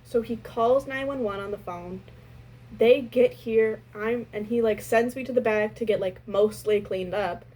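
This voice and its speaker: A young adult woman casually telling a story from her restaurant job, animated and exasperated. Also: fairly high pitch, measured pace, poor audio.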